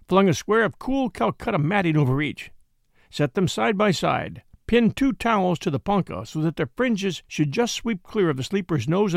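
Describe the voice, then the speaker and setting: A man narrating a story as an audiobook, in an expressive, measured storytelling manner. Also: sits high, gravelly, dry recording, clean studio sound.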